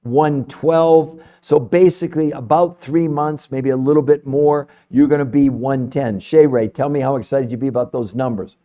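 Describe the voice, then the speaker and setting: A middle-aged man hosting a live health stream, swinging between calm number-reading and loud, swearing pitches to his viewers. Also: moderate pace, hardly any pauses, highs cut off.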